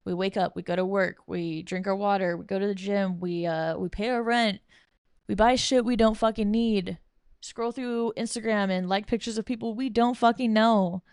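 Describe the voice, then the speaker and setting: Young woman, podcast host, profane sarcastic rant, smooth clear voice, dry close sound. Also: medium pitch, fairly even intonation, moderate pace, a little mellow, dry recording. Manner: reading from bullet points. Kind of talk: casual ranting monologue.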